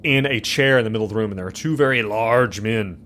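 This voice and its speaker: A man's voice: fairly low pitch, quick pace, fairly bright tone, a little hiss or hum. A man narrating as game master of a tabletop horror game, in a rambling way with many fillers.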